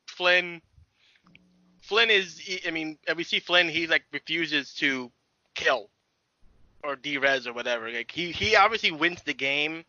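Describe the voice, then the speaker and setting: A man's voice: a little high, a little slow, sharp tone, no room sound. A man co-hosting a podcast, chatting in an easygoing way about a movie and restarting his sentences often. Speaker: podcast co-host. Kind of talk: casual movie discussion. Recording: dull lo-fi podcast audio.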